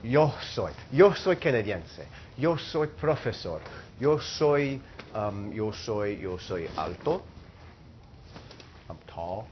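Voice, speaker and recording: Guy teaching a spanish class, slow patient explaining, a bit dull lo-fi classroom recording with faint hiss. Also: on the low side, sing-song. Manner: explains slowly, repeats phrases for students. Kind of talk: classroom lesson.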